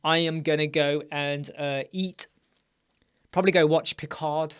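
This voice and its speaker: A man's voice: fairly high pitch, fairly even intonation, a little slow, smooth. A man with a British accent, tired, hosting a live Q&A stream, rambling, correcting himself and checking in with "right?" as he goes. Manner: rambling, self-correcting, asks "right?" often. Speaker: livestream host.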